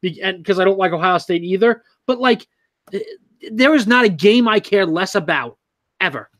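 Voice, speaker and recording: A man's voice: sits high, animated, moderate pace, a bit bright. A man co-hosting a casual podcast, joking and teasing and laughing often. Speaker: podcast co-host.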